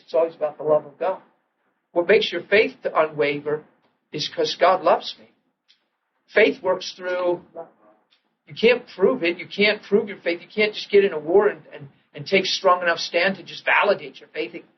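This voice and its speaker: A middle-aged male preacher telling a personal story in a sermon, acting out what people said and dropping to a hush at tense moments. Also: sits high. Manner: storytelling, acts out quotes with sudden hushed drops. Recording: dull lo-fi old recording with faint hiss.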